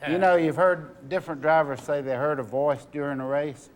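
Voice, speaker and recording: A man telling a racing story slowly, laughing along. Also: a little high, steady tone. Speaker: retired stock car driver. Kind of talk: storytelling at a reunion panel. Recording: laughing audience in a crowded room.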